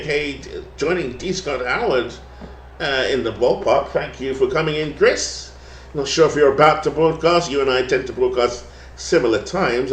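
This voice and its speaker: A man calling baseball play-by-play for a simulated league, rising to loud calls on big plays and chatting to viewers between pitches. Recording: roomy echo.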